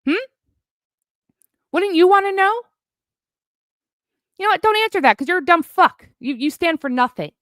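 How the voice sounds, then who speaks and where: A woman's voice: extremely high pitch, animated, moderate pace, pauses often, fairly bright tone, no room sound, studio quality. A woman in a heated, profane livestream rant, sarcastic as she calls out her online critics. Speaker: streamer addressing online critics.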